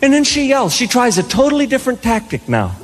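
A man doing stand-up, telling a story as an exasperated father with animated delivery. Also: very high-pitched, fast talker. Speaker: stand-up comedian. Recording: live stand-up with loud crowd laughter. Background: audience laughter.

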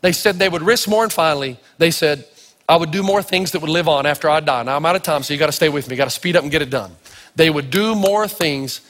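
A man from Tennessee preaches a sermon in a high, lively voice that swoops up and down as he tells his stories. He acts out the people in them with plenty of energy. A long hall reverb hangs behind every word. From Tennessee, United States. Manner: animated storytelling, acting out voices. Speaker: pastor.

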